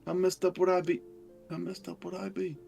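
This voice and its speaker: A man's voice: high voice, monotone, creaky, warm tone, soft background music. Een snel pratende, defensieve jonge zoon met een aangezet Italiaans accent, gespeeld door een man. Vrij hoge stem, zachte muziek erachter. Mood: defensive. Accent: put-on Italian. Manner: quick, pleading and defensive. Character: defensive young man talking to his mother. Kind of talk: tabletop role-play acting.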